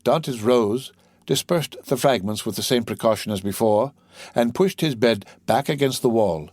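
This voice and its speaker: A man narrating a classic novel as an audiobook with a steady, even reading. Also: medium pitch, normal speed, no room sound.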